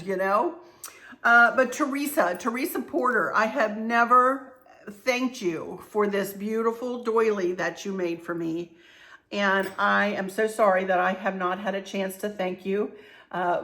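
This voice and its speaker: A woman's voice: mid-range voice, fairly bright tone. A middle-aged woman hosting her own vlog, talking casually in a chatty, rambling way with many restarts. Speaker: channel host.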